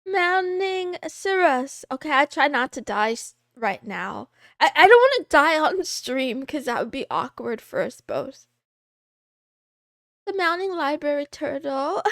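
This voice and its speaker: A playful, giggly woman talks with her viewers on a casual livestream, meowing now and then in a cat persona. Her voice sits high and swoops up and down a lot, and she takes her time over the words. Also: sing-song, measured pace, a bit bright, no room sound, studio quality. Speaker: VTuber streamer. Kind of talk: casual livestream chat, reading out viewer names.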